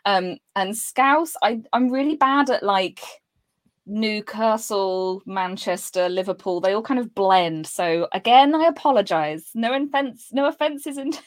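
A woman's voice: medium pitch, unhurried. A woman voice actress and streamer chatting casually as an interview guest, playful and self-deprecating, laughing often.

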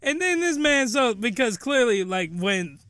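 A man giving a crude, rambling comedic recap of a show in an animated way. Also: extremely high pitch, measured pace, smooth, no room sound.

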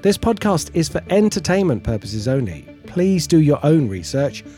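A man's voice: on the high side, big pitch swings, normal speed, warm tone, soft background music. A man hosting a podcast, chatting casually with many restarts and self-deprecating asides. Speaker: podcast host. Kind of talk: casual chat.

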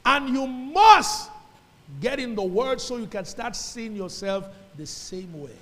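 A Nigerian pastor delivers a fiery sermon in a high, ringing voice. He hammers his points with repetition and slips into pidgin now and then. The sound carries a long reverb from a church hall. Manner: emphatic preacher, repeats phrases, dips into pidgin.

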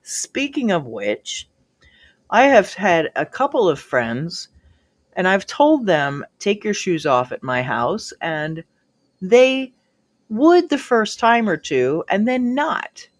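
Animated woman telling a story. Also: mid-range voice, slow, no echo, studio quality. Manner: animated, acts out quoted voices. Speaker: podcast host. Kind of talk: personal storytelling advice talk.

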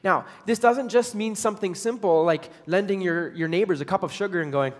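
A man's voice: high voice, animated, moderate pace. A young man telling a personal story as part of a sermon, earnest and self-deprecating, as a pastor to his congregation. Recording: long reverb of a large hall.

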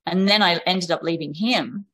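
A woman's voice: on the low side, moderate pace, fairly bright tone. A woman speaking as a podcast guest in candid, conversational storytelling, frank and casual, often acting out quoted voices of parents and children.

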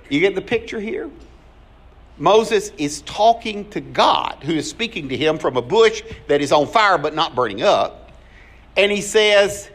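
A man's voice: high voice, big pitch swings, unhurried, a bit bright. A male pastor giving a sermon, telling scripture stories and acting out the dialogue. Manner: storytelling, acts out scripture dialogue.

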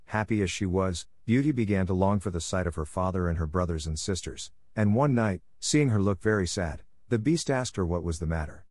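A man's voice: lowish voice, darkish tone, no echo, clean studio sound. A man steadily reading a fairy tale aloud as narrator. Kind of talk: storybook read-aloud.

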